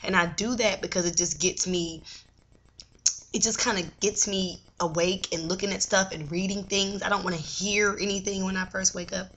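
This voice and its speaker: A young adult woman talking straight to camera in a casual vlog, venting in an animated way and swearing now and then. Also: mid-range voice, moderate pace. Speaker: vlogger.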